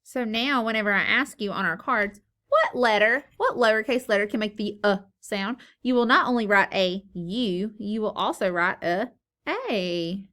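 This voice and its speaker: A woman teacher leading a phonics lesson for young children, slow and encouraging, sounding out words syllable by syllable. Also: mid-range voice, sharp tone. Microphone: recorded lesson video.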